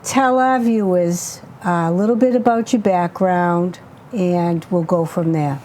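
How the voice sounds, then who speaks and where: A woman's voice: on the low side, fairly even intonation, a little slow, mellow, slight background noise. A woman hosting a local cable talk show, chatty and gushing as she plugs sponsors and introduces guests.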